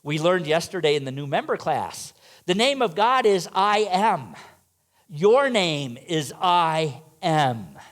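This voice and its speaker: Speaking slowly in a fairly high, sing-song voice, this minister delivers a sermon in the church sanctuary. His talk mixes rhetorical questions for the congregation with playful remarks aimed at them.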